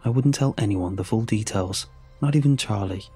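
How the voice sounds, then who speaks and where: Guy, husky kinda low voice, reading a creepy story slow and hushed, soft music behind. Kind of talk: first-person horror story narration.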